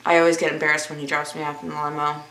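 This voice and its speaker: Young female vlogger, bright and tense tone, casual and awkward, roomy echo. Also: deep voice, completely flat delivery, rapid-fire. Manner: self-described awkward, rambling, laughs easily. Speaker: vlogger answering viewer questions. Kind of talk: casual Q&A vlog.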